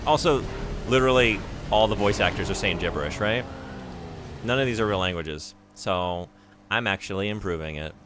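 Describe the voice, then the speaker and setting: A man's voice: lowish voice, normal speed, background noise. A man streaming a video game, chatting casually and laughing at himself. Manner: giggly, self-deprecating. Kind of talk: casual let's-play commentary.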